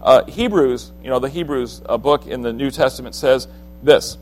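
Male preacher, mid-pitched, earnest and conversational, faint music bed. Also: normal speed, low-quality recording. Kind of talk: sermon.

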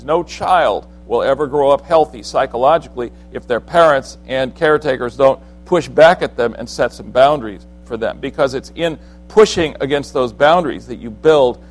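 An earnest man preaches in a conversational, unpolished way. His voice sits in an ordinary middle pitch. Faint music plays behind him. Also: poor audio. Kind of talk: sermon.

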